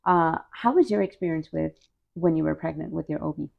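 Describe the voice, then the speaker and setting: A woman's voice: sits low, a little fast, vocal fry. A woman hosting an interview podcast, asking questions and offering brief support. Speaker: podcast host. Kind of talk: conversational interview. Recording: dull lo-fi sound.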